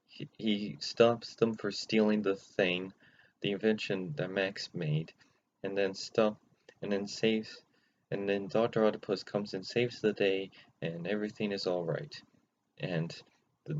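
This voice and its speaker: A man casually recapping cartoon episodes without a script, rambling and halting with many restarts, in a dull lo-fi recording. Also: sits low, darkish tone. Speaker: channel host recapping episodes. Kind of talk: unscripted recap. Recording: dull lo-fi recording, faint noise.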